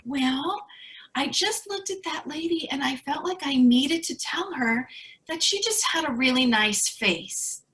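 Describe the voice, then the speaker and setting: A woman imitating her earnest elderly mother in a soft, wondering voice. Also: high-pitched, expressive, a little slow, far from the mic, pitched above the performer's own voice.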